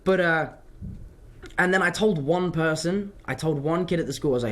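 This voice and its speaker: A young man chats through fan questions in a loose, rambling way, drifting off topic as he tells stories. His voice sits a little higher than most men's. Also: moderate pace. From London, England. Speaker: actor answering fan questions. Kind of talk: casual livestream Q&A.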